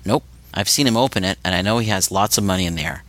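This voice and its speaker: A man voicing a defiant, sharp-tongued young goth woman held captive, speaking bluntly with scorn and curses. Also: low voice, fast, dry recording. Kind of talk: audiobook character reading.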